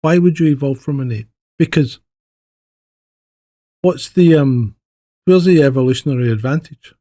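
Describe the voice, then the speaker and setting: A man's voice: medium pitch, normal speed, warm tone, dry recording, clean studio sound. A man hosting a casual podcast chat, blunt and swearing freely as he tells jokes. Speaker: host, retired police sergeant.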